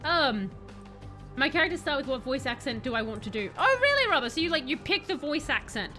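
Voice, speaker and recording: A woman's voice: sits high, expressive, a little fast, bright, forceful tone, faint music behind. A woman streaming a game, chatting animatedly with her viewers, self-mocking and reading out their messages. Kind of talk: let's-play commentary chatting with chat.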